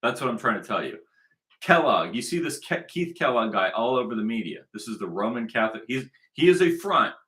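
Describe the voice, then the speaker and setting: A man's voice: mid-range voice, sing-song, a little fast, a bit bright. A man delivering a combative, repetitive commentary monologue, hammering his points with emphasis. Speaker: online commentator.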